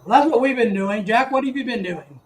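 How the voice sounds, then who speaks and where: High-voiced chatty male stream host. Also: brisk. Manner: chatty, greets viewers by name, rambling. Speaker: livestream host. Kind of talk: casual live chat. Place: living in the Philippines. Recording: echoey room, faint background noise.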